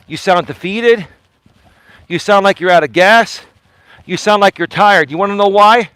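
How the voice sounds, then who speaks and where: This vlogger's voice sits high, fairly bright and clean, at a normal speed, though the audio is poor and has no echo. He walks outdoors with his phone on a selfie stick, hosting a live vlog. He addresses someone directly, emphatic and repeating himself.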